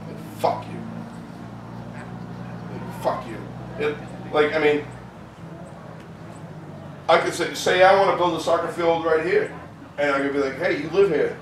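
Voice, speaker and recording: A man rants hard and swears constantly, with a somewhat high voice and lots of stumbling restarts. He is picked up from a distance in an echoey space, with loud ambient noise all around. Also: steady tone, measured pace, long pauses. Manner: profane, fired-up, repetitive restarts. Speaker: protest organizer being interviewed. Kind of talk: heated casual rant. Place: festival grounds.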